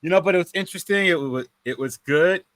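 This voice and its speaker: A man co-hosting a podcast, chatting in an animated and jokey way. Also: on the high side, fast talker, no room sound. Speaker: podcast co-host. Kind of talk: casual chat.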